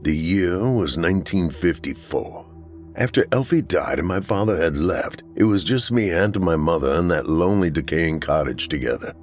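A man with a very low voice reads a first-person horror tale in a somber, measured way. His pitch swings widely as he tells it. Soft music plays faintly underneath. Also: expressive. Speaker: horror story narrator. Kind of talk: scripted horror narration.

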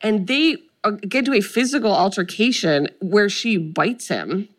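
Young woman, casual podcast chat, lively storytelling, acts out quotes. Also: mid-range voice, moderate pace. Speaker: podcast co-host. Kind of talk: casual chat retelling a film.

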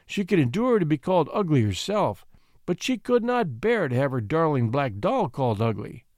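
A man narrating a classic storybook in an expressive, gently measured way. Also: fairly high pitch, dry recording, studio quality.

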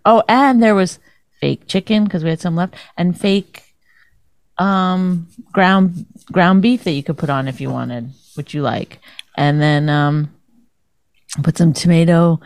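A woman's voice: deep voice, a little mellow, no echo. A woman co-hosting a casual bickering chat, teasing and exasperated, often mimicking her partner. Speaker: co-host.

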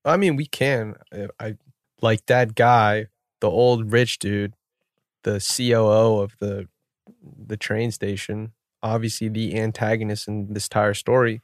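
A man co-hosting a casual chat, spinning exaggerated scenarios with lively, joking energy. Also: lowish voice, measured pace, dry recording, clean studio sound. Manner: animated storyteller, riffs with exaggerated scenarios. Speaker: podcast co-host.

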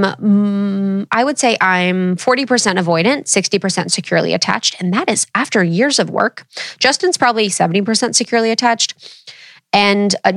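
A woman's voice: fairly low pitch, fairly bright tone, no echo, clean studio sound. A woman in her thirties chatting candidly with her viewers, casual and swearing freely. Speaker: vlogger.

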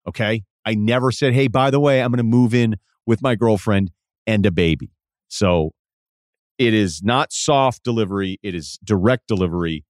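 A man's voice: medium pitch, dry recording, clean studio sound. A middle-aged man hosting a podcast, telling a story in a casual, wry, self-deprecating way. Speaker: podcast host. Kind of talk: casual advice monologue.

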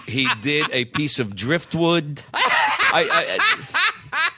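An older man, a singer guest telling lively anecdotes in casual chat, stammering on restarts and acting out other people's lines. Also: a little high, takes it slowly, heavy background noise. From Philadelphia. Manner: animated anecdotes, acts out quoted voices, stammers restarts.

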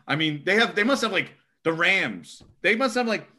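Animated, bright-voiced young man. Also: high-pitched, normal speed. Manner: animated, emphatic, says "okay?" often. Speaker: co-host. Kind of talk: casual sports podcast analysis.

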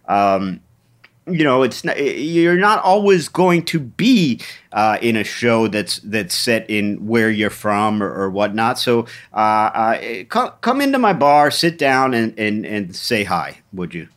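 A man's voice: fairly low pitch, takes it slowly, fairly bright tone. A man co-hosting a comedic podcast, rambling with many stammering restarts. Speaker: podcast co-host.

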